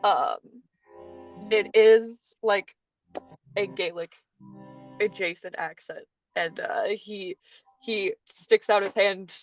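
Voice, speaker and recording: Woman player, slow and halting, muffled lo-fi sound. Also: medium pitch, soft background music. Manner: hesitant, giggly, lots of fillers. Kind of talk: describing a character in a tabletop game.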